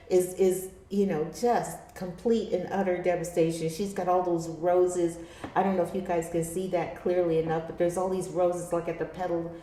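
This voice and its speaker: A woman's voice: on the low side, warm tone. A woman giving a chatty tarot reading to her viewers, calling them her darlings. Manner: chatty, laughs often, addresses viewers as darlings. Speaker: tarot reader. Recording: echoey room.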